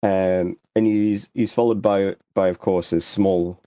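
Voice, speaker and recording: A man's voice: low voice, fairly even intonation, unhurried, warm tone, no echo. A man playing a tabletop game, describing his character with jokes, fillers and restarts. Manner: joking, rambling, hesitant. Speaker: player. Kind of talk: casual game chat.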